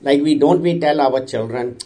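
A man's voice: mid-range voice, moderate pace, dark tone. A man teaching a religious discourse in an earnest, exhorting way, with frequent restarts. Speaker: spiritual teacher.

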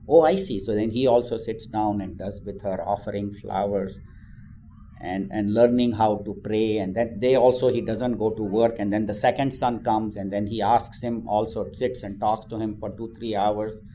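Mellow man telling a parable. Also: on the low side, steady tone, normal speed, a little hiss or hum. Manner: conversational, with frequent asides. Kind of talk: storytelling a parable.

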